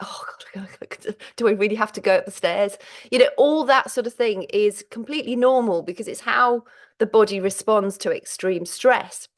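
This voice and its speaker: A middle-aged woman hosts a personal vlog in a voice of ordinary pitch. She sounds physically and mentally exhausted and on the edge of tears. Her talk is frank and halting, with frequent broken starts. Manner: candid and halting, with many restarts. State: close to tears. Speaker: menopause vlog host.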